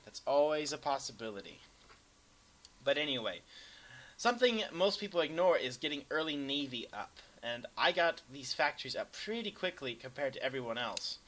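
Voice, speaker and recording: Bright-voiced man rambling over gameplay. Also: mid-range voice, rough recording. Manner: self-deprecating, rambling, bursts into excited yelps. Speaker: gameplay commentator. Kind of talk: casual gameplay commentary.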